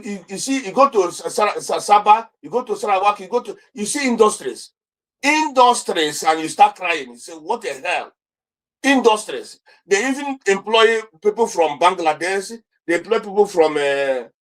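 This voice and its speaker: High-voiced Nigerian man ranting. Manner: repeats and restarts words when worked up; indignant, rhetorical questions. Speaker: interview guest. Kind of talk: impassioned political commentary.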